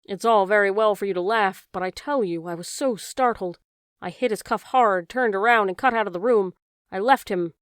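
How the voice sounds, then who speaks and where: A woman's voice: medium pitch, normal speed, clean tone, no room sound, close to an everyday voice. A woman voicing a nervous middle-aged village doctor, a man, recounting a fright in an audiobook reading with a dry sound. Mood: agitated. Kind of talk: audiobook character voice.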